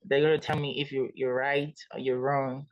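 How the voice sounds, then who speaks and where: A man's voice: medium pitch, flat delivery, moderate pace, no room sound. A man hosting an interview over a video call, enthusiastic and repeating words as he starts his sentences. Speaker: host. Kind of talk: casual interview. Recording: dull dry lo-fi audio.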